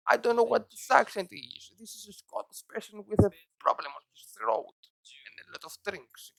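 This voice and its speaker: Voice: mid-range voice, sing-song, normal speed, gravelly, fairly bright tone, no room sound. A host riffing in casual, joking chat while reacting to an anime episode, now and then slipping into mock voices.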